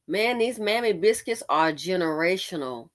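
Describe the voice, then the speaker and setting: A woman's voice: lowish voice, expressive, normal speed. A woman giving sassy, exasperated opinion commentary as the host of her channel. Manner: sassy, exasperated, mocking impressions. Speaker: commentary vlogger.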